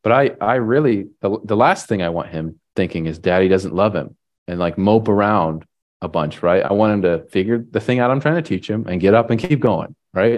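A man preaching a sermon in a relaxed, conversational way, often tagging on "right?" and pausing with fillers. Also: fairly low pitch. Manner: halting restarts and fillers. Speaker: pastor.

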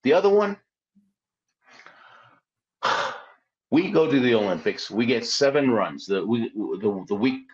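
A man, a former Olympic luge athlete, telling his story in a lively, conversational way, often checking in with his listeners. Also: medium pitch, a little slow, pauses often, breathy edge. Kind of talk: storytelling in an interview. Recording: dull lo-fi sound.

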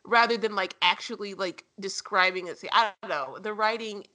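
Bright-voiced animated woman. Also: medium pitch, normal speed, few pauses. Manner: animated, laughs often, profane. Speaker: podcast co-host. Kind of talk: casual book discussion.

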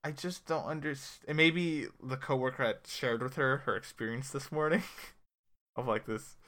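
A man with a bright, crisp-edged voice chats casually as a podcast co-host. He muses out loud with plenty of fillers and laughs often along the way. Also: mid-range voice, moderate pace. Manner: chatty and musing, laughs often, many fillers. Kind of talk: casual chat.

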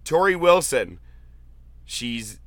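A man hosting a casual podcast chat, retelling jokes with excited, profane laughter. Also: mid-range voice, slow, no room sound. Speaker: podcast host. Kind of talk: casual chat recapping an event.

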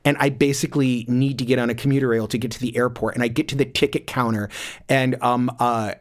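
A man's voice: medium pitch, steady tone, fast talker. A man in his fifties from Michigan, telling rambling anecdotes in casual chat with many fillers.

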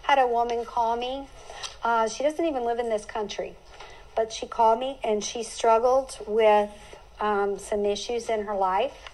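A woman's voice: fairly high pitch, fairly even intonation, normal speed, a little mellow, slight background noise, poor audio. A middle-aged woman hosting a Bible teaching podcast, speaking earnestly and heartfelt, with homey turns of phrase.

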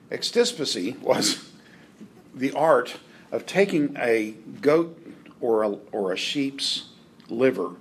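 Halting man teaching a Bible class. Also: on the low side, a little hiss or hum. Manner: halting, many fillers and restarts, dry joking asides.

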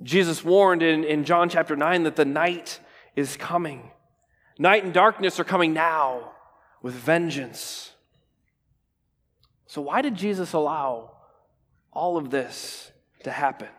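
A man preaching a sermon, pausing for effect and dropping to a near whisper on key words, often asking "right?". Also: a little high, fairly bright tone. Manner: preaching with restarts and rhetorical "right?". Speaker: pastor. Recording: long hall reverb.

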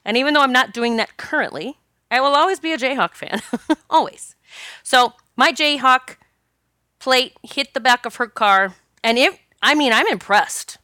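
A woman podcast host with a bright, sharp voice tells a personal story. Her delivery is animated and chatty, and she speaks straight to her listeners. The sound is crisp and clean, with a dry, close recording. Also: high voice, normal speed, no room sound.

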